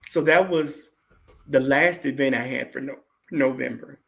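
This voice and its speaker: A man being interviewed as a guest, telling a personal story in an animated way and acting out what other people said. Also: mid-range voice, unhurried, vocal fry.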